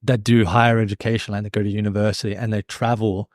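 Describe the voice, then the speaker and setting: A young man from Australia with a mild Australian accent, co-hosting a podcast and telling stories in a casual, animated way. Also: fairly low pitch, quick pace, no room sound, clean studio sound. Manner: animated storyteller, jumps between tangents. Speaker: podcast co-host. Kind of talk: casual chat.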